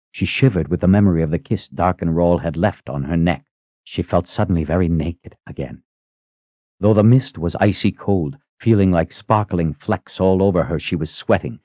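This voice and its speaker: A man's voice: deep voice, dry recording. A man reading a fantasy audiobook as narrator, dramatic and shifting his pace. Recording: slightly muffled dry recording.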